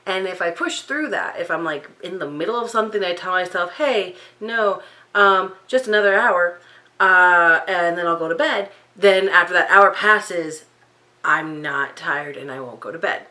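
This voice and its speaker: A woman's voice: on the low side, normal speed, pushed and bright, low-quality recording. A young woman rambling in an unscripted vlog, full of fillers and restarts, sleep-deprived in the middle of the night. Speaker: vlogger.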